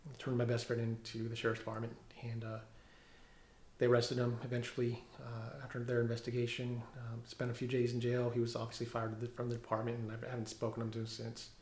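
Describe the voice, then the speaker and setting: A middle-aged police officer giving a personal testimony at home, talking haltingly with many fillers and restarts. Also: male voice, mid-range voice, monotone, a little mellow, reverberant. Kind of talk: personal testimony, reading from notes. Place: room at home.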